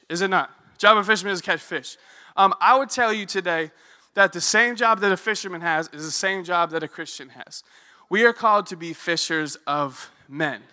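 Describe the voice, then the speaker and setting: A young man giving a sermon, telling a lively personal story and asking the audience questions. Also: high voice. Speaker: youth ministry director. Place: church hall. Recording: reverberant hall.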